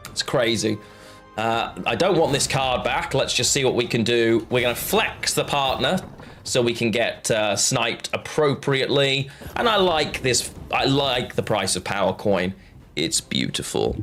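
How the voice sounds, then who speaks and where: A man's voice: mid-range voice, a bit bright. A man chatting casually on a live stream while playing a card game, rambling and answering his chat.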